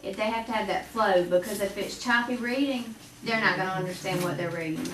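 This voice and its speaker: A woman's voice: mid-range voice, brisk, fairly bright tone, slight background noise. A woman teacher, explaining reading skills to parents in a matter-of-fact way. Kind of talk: presentation to parents. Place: school classroom. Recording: echoey, distant classroom recording.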